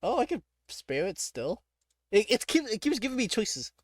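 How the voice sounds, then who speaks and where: A man's voice: sits high, big pitch swings, normal speed, dry recording, clean studio sound. A man playing a text adventure, reading the game text aloud and reacting casually, laughing often and breaking off with startled exclamations.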